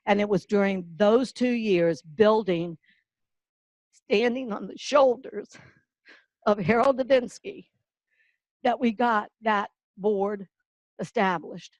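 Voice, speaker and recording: Slow folksy older woman. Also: medium pitch, darkish tone, no echo, poor audio. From North Carolina-Virginia border, US. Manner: folksy storyteller, slow and emotional. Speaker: award presenter. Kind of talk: heartfelt tribute speech.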